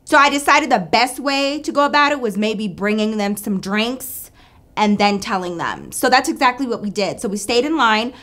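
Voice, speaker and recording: A woman telling a story in a casual, animated monologue, acting out her friends' lines and talking straight to her audience. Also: a little high, moderate pace. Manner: animated, chatty, acts out friends' voices, says "girl" and "y'all".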